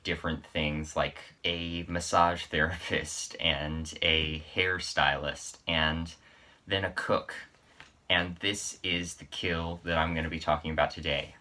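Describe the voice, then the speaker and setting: A man with a very low, bright-edged voice talks through a horror movie's grisliest scene in a loose, rambling way. He sounds plainly delighted by the gore and keeps circling back to the kill. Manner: enthusiastic, rambling, amused by gore. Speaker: horror vlogger. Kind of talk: casual horror movie recap.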